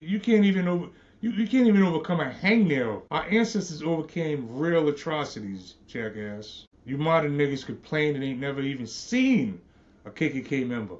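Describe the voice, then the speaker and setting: A man's voice: on the high side, lively intonation, moderate pace, lo-fi sound. Profane, scornful ranting man. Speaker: podcast host. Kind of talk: ranting monologue.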